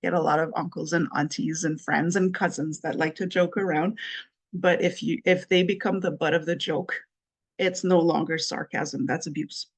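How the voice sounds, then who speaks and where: A woman's voice: sits low, steady tone, moderate pace, husky. A woman hosting a solo parenting podcast, explaining step by step and repeating her key points with a light laugh now and then. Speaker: podcast host. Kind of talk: solo advice talk.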